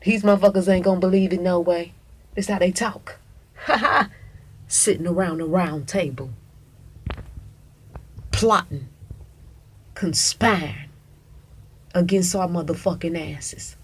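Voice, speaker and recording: A woman with a husky voice delivers a casual monologue straight to the camera. She presses every point hard, swears freely and keeps calling the listener "honey". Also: lowish voice, measured pace, pauses often. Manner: emphatic, profane, calls listener "honey".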